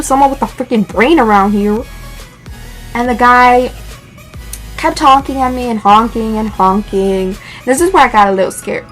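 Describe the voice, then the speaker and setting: A young woman vlogger casually telling a dramatic story, animated and filled with "like" and swearing. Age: young adult. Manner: animated, lots of "like", swears, rises in pitch when excited.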